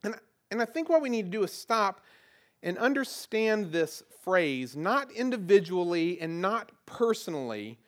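High-voiced Southern pastor preaching. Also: male voice, fairly bright tone. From Southern United States. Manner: conversational, repeats words as he restarts phrases. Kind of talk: sermon.

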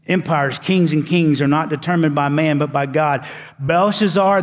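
With dramatic pauses, a male pastor delivers his sermon, shifting from loud emphasis down to hushed, low tones. The sound has a long reverb tail.

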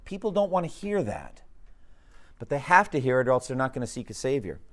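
A man's voice: medium pitch, sing-song, fairly quick. A man teaching a Bible class in a conversational, emphatic way, often asking the class questions.

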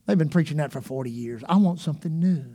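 A preacher doing a jaded, mumbling churchgoer. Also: male voice, fairly high pitch, fast, warm tone, slightly rough, pitched below the performer's own voice. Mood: dismissive. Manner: dismissive, mumbling, sighing. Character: weary, jaded male churchgoer.

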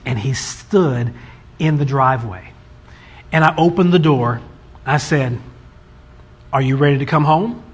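A man in his forties, a father casually telling a story about raising his sons, animated and acting out his kids' voices. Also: medium pitch, slightly rough. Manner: animated, acts out his children's voices in quotes.

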